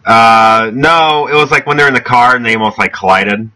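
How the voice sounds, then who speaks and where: A man co-hosting a podcast in casual chat, joking and halting, with many restarts. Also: mid-range voice, pushed and bright. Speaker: podcast co-host.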